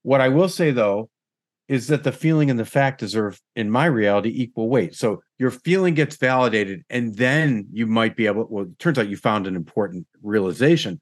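A man speaking as a guest life coach in a podcast conversation, calm, measured and gently probing. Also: mid-range voice, dry recording, studio quality.

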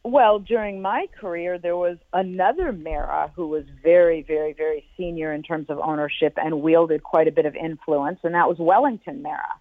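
A woman, a former football team executive, answering interview questions in an articulate, measured way and telling lively anecdotes. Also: sits low, no room sound. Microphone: telephone. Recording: tinny phone line.

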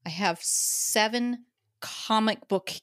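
A woman co-hosting a casual fan podcast from a room at home, making dry, unhurried asides. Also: fairly high pitch, a bit bright, dry recording. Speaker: podcast co-host. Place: home room with comic book cases.

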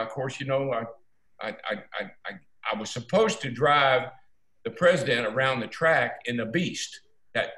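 A man's voice: mid-range voice, roomy sound, low-quality recording. An older man telling a story in a casual, folksy way and acting out the quotes. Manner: folksy, animated, acts out quotes.

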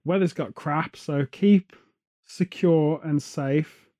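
A man's voice: fairly high pitch, takes it slowly, warm tone. A man hosting a podcast in casual chat, rambling from joke to joke and off on tangents. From England. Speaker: podcast host. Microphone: headphones on, studio mic.

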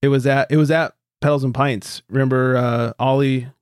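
A man's voice: mid-range voice, steady tone, normal speed, a little mellow, clean tone, no echo, clean studio sound. A man hosting a beer podcast in loose, joking casual chat, swearing freely. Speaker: podcast host.

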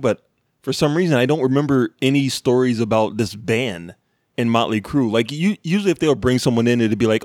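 A man with a mid-pitched voice talks animatedly in casual chat, quick to swear and gush. His voice sounds dry and close, with no room echo. He has the easy energy of a podcast co-host. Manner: enthusiastic, animated, swears freely.

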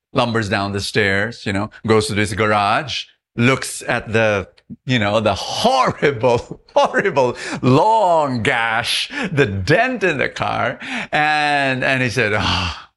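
Animated Filipino man preaching a devotional. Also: medium pitch. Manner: animated storytelling, repeats words and restarts. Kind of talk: Christmas devotional sermon.

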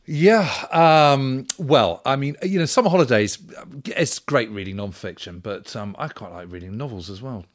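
A man's voice: medium pitch, animated, normal speed, few pauses. An English man co-hosting a history podcast, enthusiastic and full of "you know" and "kind of" hedges. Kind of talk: casual chat.

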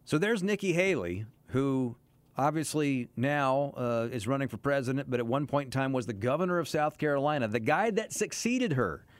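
A man's voice: mid-range voice, expressive, moderate pace, no room sound. A man hosting a morning radio show, chatting casually about politics and chuckling between points. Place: radio studio.

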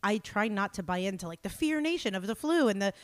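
Animated woman telling a comic story. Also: mid-range voice, fast talker, no echo. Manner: animated, laughing, self-mocking storyteller. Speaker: podcast co-host. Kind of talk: casual chat.

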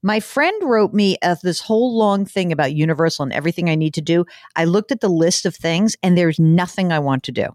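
A woman in her fifties hosting a finance podcast, chatting in a casual, quick way with asides and laughs. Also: fairly low pitch, a little mellow, dry recording, studio quality. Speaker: podcast host. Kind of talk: casual chat.

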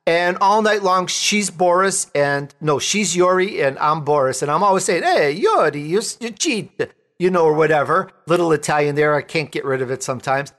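A man's voice: on the high side, brisk, few pauses. A man from Chicago hosting an interview show, chatting casually and telling jokey stories. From Chicago, USA. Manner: jokey, animated storyteller. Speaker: talk show host.

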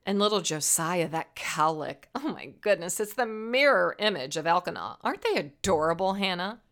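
A woman's voice: fairly low pitch, lively intonation, normal speed, a bit bright. A woman voicing a smug, giggling young mother who brags about her children in a sing-song, snide way. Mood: gushing smug.

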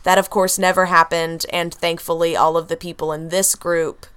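A woman's voice: fairly low pitch, little pitch movement, normal speed, a bit bright, clean tone. A woman hosting a podcast, casually talking through researched notes about a cult's history, often laughing between facts. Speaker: podcast host telling a true story. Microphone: computer mic at home.

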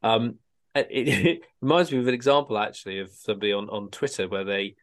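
A man's voice: fairly low pitch, fairly even intonation, brisk, a bit bright. A man co-hosting a podcast in casual chat, rambling and searching for his words as he talks. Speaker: podcast co-host.

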